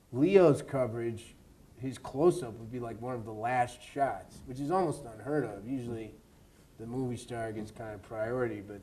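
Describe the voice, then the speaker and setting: A man, an actor, telling a lively anecdote in an interview at a university event, laughing and mimicking the people in it. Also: medium pitch. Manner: animated, laughing storyteller who mimics others.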